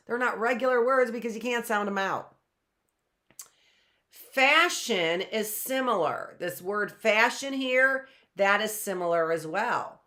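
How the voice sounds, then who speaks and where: A middle-aged woman leads a live phonics lesson at an unhurried, deliberate pace. Her voice sits a little low, and she repeats each word patiently for young children. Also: fairly bright tone. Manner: patient, repeats words slowly for young learners. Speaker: teacher.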